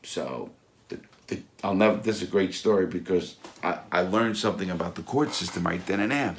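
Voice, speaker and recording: A man telling blunt, profane stories from his own past in a casual, animated way. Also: low-pitched, a little fast. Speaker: storyteller recounting his past. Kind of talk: casual spoken anecdote. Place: Florida.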